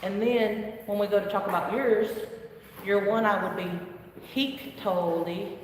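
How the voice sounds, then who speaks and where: A woman teaches a live language class at an unhurried pace, saying each word slowly and repeating it for drilling. She sounds far from the mic in a roomy, echoing space with a steady hiss of background noise. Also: mid-range voice. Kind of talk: live online language lesson. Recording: echoey distant room with noise.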